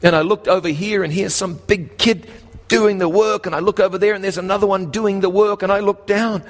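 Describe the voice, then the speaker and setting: A man from New Zealand with a New Zealand accent, preaching a storytelling sermon with animated swings in pitch and slow, emphatic phrases. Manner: animated, rises and drops sharply in pitch, slows for emphasis. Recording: long hall reverb.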